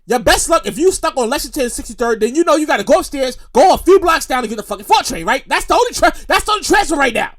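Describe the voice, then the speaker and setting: A man hosting a podcast, telling a story in an animated, profane, repetitive rant. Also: extremely high pitch, fast talker, hardly any pauses. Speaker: podcast host. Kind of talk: casual storytelling.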